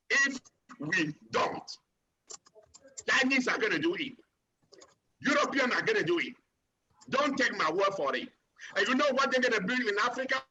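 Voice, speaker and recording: A man's voice: high-pitched, pushed and bright, lo-fi sound, a little hiss or hum. A man, a transportation engineer, giving a fervent motivational call to action over a video call, chanting slogans and rallying his listeners.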